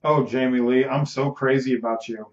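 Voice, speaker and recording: A man's voice: mid-range voice, steady tone, normal speed, close to an everyday voice. A man reading aloud and voicing a big, timid, inexperienced young man, in an echoey room on a dull, lo-fi recording. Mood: pleading.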